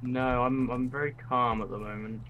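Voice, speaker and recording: A young man playing a co-op platformer with a friend, speaking calmly and hesitantly, often stammering as he restarts sentences. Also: mid-range voice, normal speed, phone-quality sound. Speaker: co-op gaming partner. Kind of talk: co-op gaming chat.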